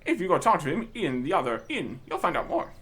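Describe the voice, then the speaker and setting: A pompous old knight commander in a game, posh and blustery, his pitch swinging high and low, as a man puts him on. The voice is lively and full of bluster. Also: brisk, husky, full character voice. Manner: posh, blustery, tacks on "what?".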